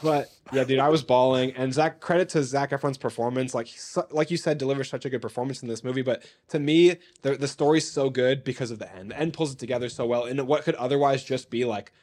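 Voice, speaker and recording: A young man co-hosting a laid-back movie podcast. He talks eagerly, laughs a lot and fills his sentences with "like" and "um". His pitch sits at an ordinary middle level for a man. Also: fast talker, hardly any pauses, darkish tone. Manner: enthusiastic, laughs often, many fillers. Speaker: podcast co-host. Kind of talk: casual movie review chat.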